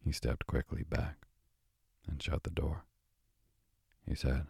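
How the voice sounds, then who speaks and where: A man narrating a classic novel as a soft, drowsy sleep story. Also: very deep voice, little pitch movement, slow, creaky, pauses often, husky, dry recording, clean studio sound. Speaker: bedtime story reader.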